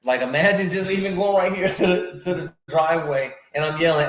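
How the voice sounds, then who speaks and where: Male podcast host, higher-pitched, slangy and animated, repeats phrases, echoey room. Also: a little fast, hardly any pauses, a little hiss or hum. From North America. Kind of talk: casual conversation.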